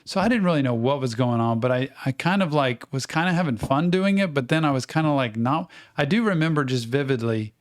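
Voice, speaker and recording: An animated middle-aged man with a light twang, spinning long stories on a casual podcast. His voice sits at a middle pitch and bounces as he acts out what people said. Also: a little fast, hardly any pauses. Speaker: podcast co-host. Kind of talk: casual storytelling.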